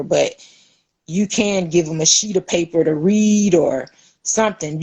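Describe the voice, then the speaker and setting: A middle-aged woman, hosting a podcast in casual chat, telling stories animatedly and acting out the people she quotes. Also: fairly low pitch. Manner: animated storytelling, acts out quoted voices. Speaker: podcast host.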